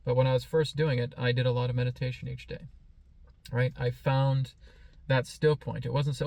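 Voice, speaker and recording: A man giving a slow, calm spiritual teaching in a meditative, reflective manner. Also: medium pitch, creaky, dry recording. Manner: playfully mimics excited voices.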